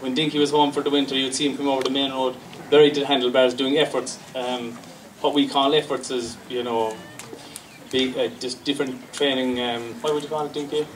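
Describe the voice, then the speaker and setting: A man's voice: medium pitch, little pitch movement, a little fast. An Irish man acting as MC, introducing speakers at a celebration in a plain, rambling way. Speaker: event MC. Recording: distant mic with background noise.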